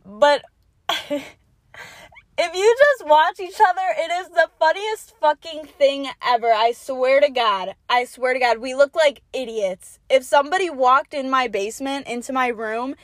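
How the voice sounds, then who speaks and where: A young woman with a high, bright-sounding voice rambles through a casual solo podcast, giggling and swearing freely. The sound is close and dry, with no room around it. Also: no echo. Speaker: podcast host. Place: parked car.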